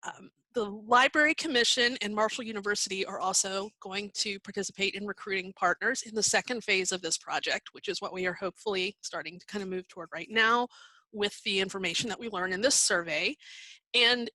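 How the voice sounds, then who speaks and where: A woman's voice: mid-range voice, fairly quick, sharp tone, dry recording, rough recording. A woman giving a virtual conference presentation while sharing her screen, explaining in a conversational way with some fillers and restarts, and she has the hiccups. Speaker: library presenter.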